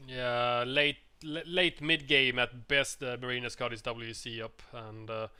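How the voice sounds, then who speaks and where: A man casting a video game match with a co-host in casual, relaxed commentary, his voice often dropping quietly at the end of phrases. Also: medium pitch, unhurried, clear, resonant tone. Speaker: shoutcaster.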